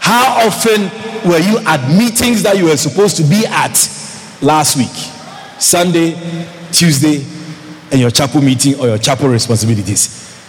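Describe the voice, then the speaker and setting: A man with a slightly high voice preaches a sermon as a pastor at a moderate pace, calling out to the congregation and repeating phrases for emphasis in a lively way. The recording, made in a church hall, carries a long hall reverb, faint ambience, and a little hiss or hum.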